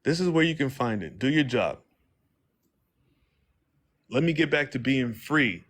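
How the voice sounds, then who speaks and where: A man's voice: medium pitch, lively intonation, a little slow, fairly bright tone. A man hosting a casual livestream, rambling in slangy speech and acting out quoted exchanges. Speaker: livestream host.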